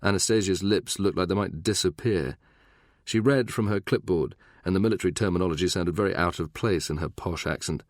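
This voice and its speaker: A man narrating a thriller audiobook in an even, measured way. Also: low-pitched, no echo, studio quality. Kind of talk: scripted narration.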